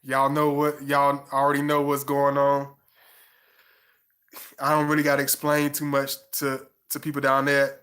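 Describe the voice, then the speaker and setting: A man's voice: mid-range voice, monotone, normal speed, a bit bright. A man hosting a livestream, talking loosely and affectionately to viewers with lots of slang and fillers. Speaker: livestream host. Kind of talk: casual chat to viewers.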